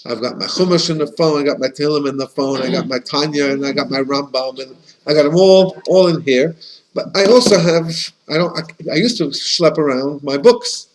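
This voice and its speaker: A man's voice: a little high, a little fast, low-quality recording. A rabbi teaches his class in a loose, storytelling way, his voice sitting a bit above the usual male range. He keeps breaking off and restarting sentences and sprinkles his talk with Yiddish and Hebrew words. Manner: chatty and anecdotal, with frequent restarts; animated, with Yiddish and Hebrew terms. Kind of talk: casual conversational lesson.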